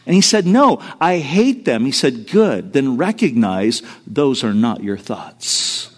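A middle-aged man preaching a sermon, telling a personal story in an earnest way that moves between hushed and emphatic. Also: mid-range voice, sing-song, slow. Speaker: pastor.

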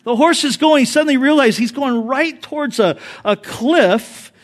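High-voiced male pastor preaching. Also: moderate pace. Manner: animated, storytelling with jokes. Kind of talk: sermon.

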